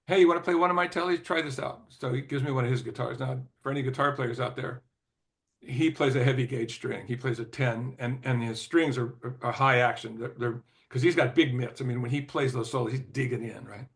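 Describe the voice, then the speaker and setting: An older man recounts a story in a loose, conversational way, his voice sitting in an ordinary middle register. He circles back with "you know" and false starts, clears his throat often and breaks into laughter as he goes. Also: mid-range voice, a little fast. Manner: lively, laughs often, many "you know" fillers and restarts. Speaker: interview guest, former record executive.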